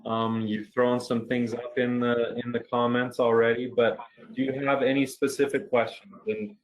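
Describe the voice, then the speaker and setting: A man co-hosting a physical therapy webinar, friendly and a bit halting, often repeating words as he restarts. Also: medium pitch, little pitch movement, poor audio. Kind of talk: casual webinar talk.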